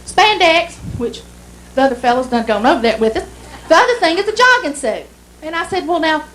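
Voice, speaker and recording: On a club stage, a woman with a Southern US Alabama accent performs stand-up, telling folksy stories and acting out the dialogue. Her voice is extremely high, animated, fairly quick, and a bit bright. The audio is poor, with a little hiss or hum.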